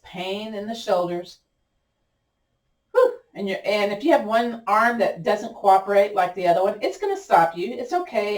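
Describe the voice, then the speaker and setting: Lady yoga teacher talking a class through moves, keeps repeating squeeze and release, a bit of a crack in her voice, echoey room, mic kinda far. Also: mid-range voice. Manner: encouraging, chatty, repeats cues. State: voice cracking a little. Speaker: yoga instructor. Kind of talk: guided yoga class instruction.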